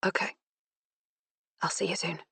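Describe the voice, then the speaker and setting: A woman voicing a distressed young woman holding back tears, speaking hushed and shaky. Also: unhurried, no echo. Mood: choked.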